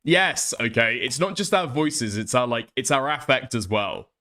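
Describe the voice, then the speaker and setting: A man's voice: mid-range voice, expressive, normal speed, pushed and bright. A British man streaming live, reacting to a video and reading chat with sweary, sarcastic, mock-indignant commentary.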